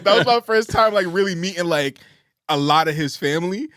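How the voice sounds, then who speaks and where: A man's voice: a little high, fast, a bit bright, no room sound. A man co-hosting a podcast in casual chat, rambling with many fillers and restarts and breaking into laughter. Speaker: podcast co-host.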